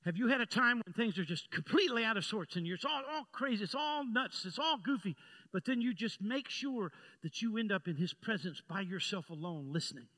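High, bright-voiced man preaching. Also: expressive, fairly quick, big-room sound. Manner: builds from soft to loud preaching, leads the congregation in call-and-response. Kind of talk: sermon.

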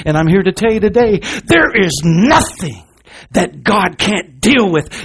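A pastor preaching a sermon, moving from quiet, low talk to loud, shouted passages and repeating phrases for emphasis. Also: male voice, lively intonation, a little slow, vocal fry.

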